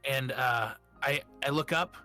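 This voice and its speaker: A man playing a tabletop game, describing his character's actions in a rambling, halting way. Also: medium pitch, sharp tone, faint music behind. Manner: rambling, halting, many restarts. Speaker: player. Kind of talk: casual tabletop game chat.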